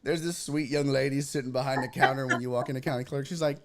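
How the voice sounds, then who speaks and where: A man's voice: mid-range voice, animated, fairly quick. A man from Texas, hosting a podcast and telling a story in a casual, profane, ranting way. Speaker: host.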